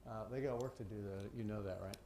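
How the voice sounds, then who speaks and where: A man's voice: fairly low pitch, fast talker, dark tone, a little hiss or hum. A middle-aged man, a senior naval officer, joking casually with sailors as he hands out coins at a base event. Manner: jovial, joking. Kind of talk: casual banter while handing out coins. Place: large base venue with an audience. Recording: roomy echo from a large venue.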